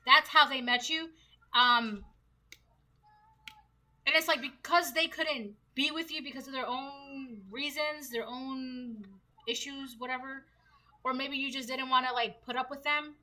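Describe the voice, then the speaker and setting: A woman's voice: high-pitched, fairly even intonation, unhurried, bright, forceful tone. A woman giving a casual tarot reading, chatty and slangy, often laughing between points. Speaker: tarot reader.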